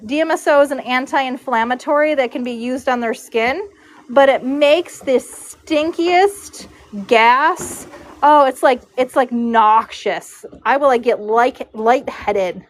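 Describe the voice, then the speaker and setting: A horse braider in her forties, livestreaming from a horse show barn stall, chats casually as she answers viewer comments and coos to her dog. Her voice sits high and she speaks slowly, with slight background noise.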